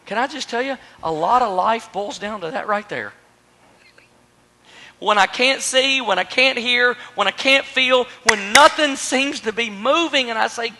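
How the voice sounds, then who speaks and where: A man's voice: very high-pitched, unhurried, sharp tone, low-quality recording. A man preaching a sermon, using earnest questions and repeated phrases for emphasis. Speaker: pastor.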